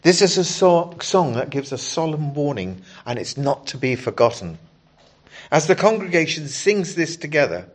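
A man preaching a sermon, explaining scripture in a measured, earnest way and reading passages aloud to the congregation. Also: fairly high pitch, very animated.

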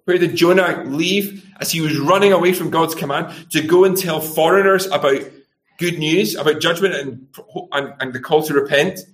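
Preaching at an ordinary pace, this middle-aged man has a fairly high, fairly bright voice. He poses rhetorical tag questions to his congregation and performs quotations using changing voices.

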